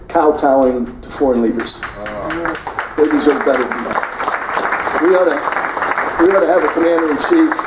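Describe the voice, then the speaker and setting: A man's voice: medium pitch, a little hiss or hum. Older guy telling war stories at a banquet, darkish voice, big echoey hall, kinda far from the mic. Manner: forceful storytelling, mimics quoted voices. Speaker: guest speaker. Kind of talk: speech narrating combat footage.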